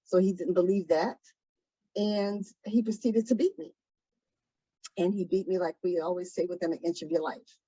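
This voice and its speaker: A woman telling her own story in an interview, soft-spoken and hesitant, pausing often. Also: lowish voice, steady tone, breathy edge, dry recording, lo-fi sound. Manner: soft-spoken, hesitant, many pauses and ums. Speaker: trafficking survivor guest. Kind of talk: interview testimony.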